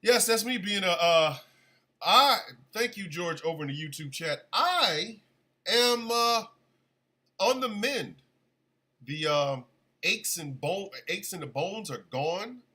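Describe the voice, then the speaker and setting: A man hosting a casual live radio show, chatty and animated, still congested from an illness. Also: high-pitched, slow pace. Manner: chatty, animated, shouts at his dogs. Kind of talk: casual livestream talk radio.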